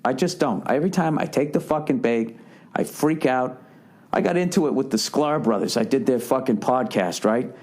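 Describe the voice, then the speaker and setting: A man's voice: medium pitch, moderate pace, darkish tone. A middle-aged man hosting a podcast, talking casually in a profane, worked-up rant. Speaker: podcast host. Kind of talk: casual monologue.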